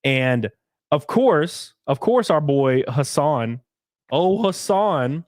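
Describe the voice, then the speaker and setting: A young man hosting a podcast, chatting casually in an animated, ranting way and mocking others' voices. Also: a little high, slow pace, no room sound, clean studio sound. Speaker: podcast host. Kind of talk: casual opinionated chat.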